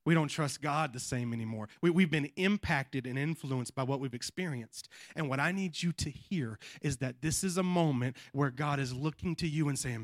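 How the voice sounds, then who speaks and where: A male pastor preaching a sermon in church, telling a family story with lively animation and often dropping to a hush before building up to a shout, with repeated asides like "watch this.". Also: on the high side, normal speed, few pauses, dry recording, clean studio sound. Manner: repeats catchphrases like "watch this" and "you know what I mean".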